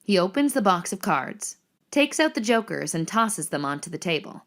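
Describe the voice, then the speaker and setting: A woman narrating the action lines of a screenplay reading in a measured, descriptive way. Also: mid-range voice, big pitch swings, a bit bright.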